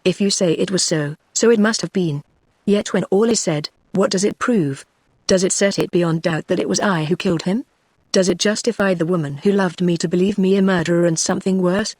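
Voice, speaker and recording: A woman's voice: fairly low pitch, brisk, dry recording, close to an everyday voice. A text-to-speech voice with a British English accent and a woman's sound, reading the lines of a proud, wronged nobleman, a man pleading and defiant in turn. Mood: reproachful. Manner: even synthetic reading.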